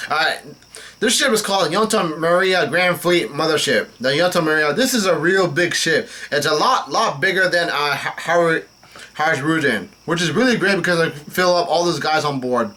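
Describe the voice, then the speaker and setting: A man hosts a comic reading, narrating the panels aloud in a fairly high, bright voice. He reads haltingly and stumbles over unfamiliar names as he goes. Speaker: manga reaction channel host.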